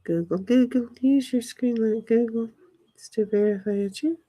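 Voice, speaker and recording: A woman's voice: on the high side, moderate pace, dark tone. A woman live streaming from her backyard, rambling casually to herself and her chat and swearing now and then. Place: backyard, outdoors.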